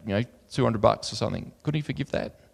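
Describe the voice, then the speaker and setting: A man's voice: fairly low pitch, fast, vocal fry. Man preaching in a reverberant hall. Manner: earnest, reads scripture aloud with rising emphasis; conversational asides with fillers. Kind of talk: sermon.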